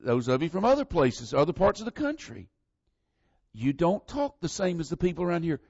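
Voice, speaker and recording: Lively Southern preacher, folksy and emphatic. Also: male voice, a little high, fairly quick, no room sound, dull audio. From northern Florida, US South. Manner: folksy, conversational, emphatic on scripture. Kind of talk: sermon.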